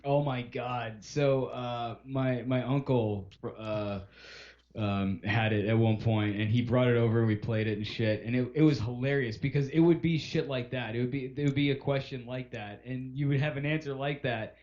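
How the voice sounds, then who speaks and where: A man's voice: medium pitch, fairly even intonation, normal speed, a little mellow. A man co-hosting a casual podcast chat, earnestly arguing his points through questions. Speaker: podcast co-host. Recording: dull lo-fi podcast audio.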